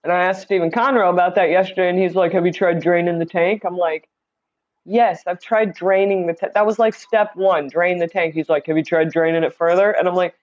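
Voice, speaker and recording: A chatty woman from Indiana, USA hosts a casual livestream, reading viewer comments aloud and greeting people by name. Her voice sits on the low side with a steady tone and a slightly mellow quality, and she talks fairly quickly. She uses a streaming setup mic, but the recording sounds muffled.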